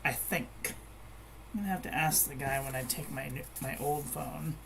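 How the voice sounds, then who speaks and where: A woman's voice: very deep voice, normal speed, gravelly, background noise. A woman chatting casually while she crafts at home, rambling and meandering, with frequent restarts. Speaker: crafting vlogger.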